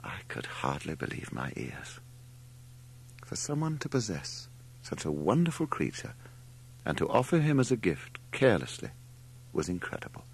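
A man reading an audiobook aloud as narrator, with expressive, wry storytelling. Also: low voice, moderate pace, vocal fry, pauses often, breathy edge. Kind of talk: scripted narration.

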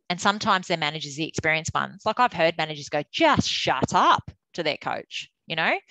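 A middle-aged woman, an umpires manager giving a candid, animated webinar talk. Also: lowish voice, no room sound, rough recording. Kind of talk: webinar presentation.

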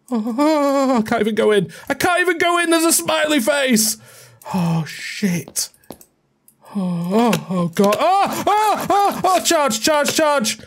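Jumpy woman yelping through horror gameplay. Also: sits high. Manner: jumpy, swears and yelps in fright. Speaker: gaming video creator. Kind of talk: horror game let's play commentary.

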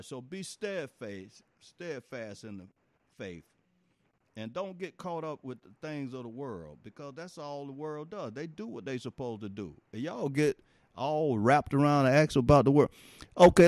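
A man preaching an informal sermon in a folksy, animated way, laughing often and talking straight to his listeners. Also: mid-range voice, dry recording.

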